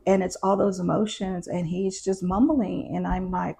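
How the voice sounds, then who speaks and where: Her voice is on the low side, fairly even in intonation and moderate in pace, with vocal fry and a dark, slightly rough quality. As a guest in an interview, this middle-aged ex-constable tells her story conversationally, re-enacting what people said through quoted dialogue.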